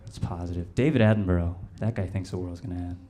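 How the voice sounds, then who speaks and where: A man doing a rambling, deadpan stand-up set on a comedy club stage, with the audience laughing. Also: sits low, quick pace. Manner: deadpan, rambling, self-deprecating. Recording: loud room noise, live club.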